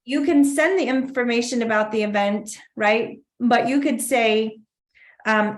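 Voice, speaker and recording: A woman's voice: on the high side, unhurried. A woman organizing an event in a casual planning meeting, chatty, acting out sample invitations as she talks. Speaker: event organizer sharing tips.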